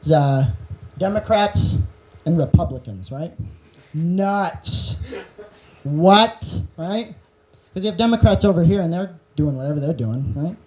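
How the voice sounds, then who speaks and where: A man's voice: on the high side, expressive, a little slow, darkish tone. A male stand-up comedian on stage, rambling through absurd bits and laughing at his own jokes.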